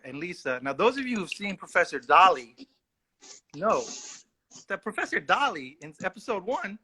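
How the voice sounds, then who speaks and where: A man's voice: a little high, sing-song, moderate pace, bright, forceful tone, slightly rough. A male actor telling a rambling, self-mocking story in a casual livestream chat. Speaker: actor guest.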